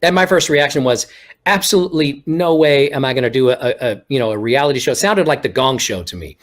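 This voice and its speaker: A man's voice: mid-range voice, fast talker. A man from Texas with no regional accent, a guest telling stories in a casual interview, acting out what people said to him. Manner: animated storyteller acting out quoted remarks. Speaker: guest, ventriloquist.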